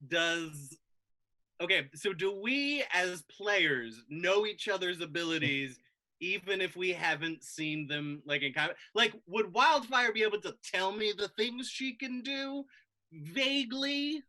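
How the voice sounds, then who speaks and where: A man's voice: sits high, lively intonation, measured pace, sharp tone. A man playing a tabletop game, asking the game master hesitant rules questions. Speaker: player.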